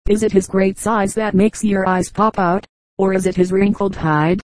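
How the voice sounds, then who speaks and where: A woman's voice: mid-range voice, fairly even intonation, moderate pace, darkish tone, dry recording, lightly acted. A woman voicing a proud, boastful male rat in a storybook fable. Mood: scornful boast. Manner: scornful, boastful.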